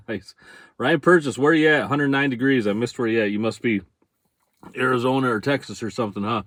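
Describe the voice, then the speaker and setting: A man's voice: medium pitch, brisk, dry recording, clean studio sound. A middle-aged man from central Michigan with a Michigan accent, chatting casually on a livestream about his fishing charters. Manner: relaxed, chatty, greets viewers by name, chuckles often.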